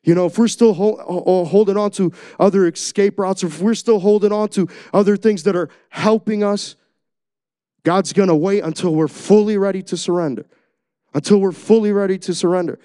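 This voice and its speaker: Young guy preaching, earnest and chatty, higher voice but mellow, dry close sound. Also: fairly even intonation, normal speed, clean tone, dry recording. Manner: earnest, conversational, many restarts. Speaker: youth preacher. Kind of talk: sermon with personal testimony.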